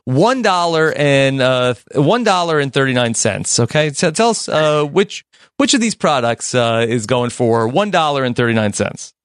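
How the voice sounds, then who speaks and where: A man hosting a mock game show over a video call, with a pitch that jumps all over the place. He rambles along, full of uhs and restarts. The sound is dry and close, with no room in it. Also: animated, moderate pace, clean tone, dry recording. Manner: rambling, filler-heavy hosting.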